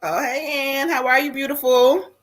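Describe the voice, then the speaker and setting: A middle-aged woman hosting a live stream as a psychic medium, casual and loud, with lots of exclamations and laughter. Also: high-pitched, steady tone, normal speed.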